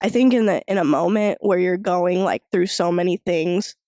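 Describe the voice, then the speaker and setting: A young woman guest talks easily about her past, filling her thoughts with casual "like"s. Her tone is relaxed and conversational. The recording is dry and close. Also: fairly low pitch, moderate pace, dry recording. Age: young adult. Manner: relaxed, many "like" fillers, agreeing murmurs. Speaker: guest, worship leader. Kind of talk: casual interview chat.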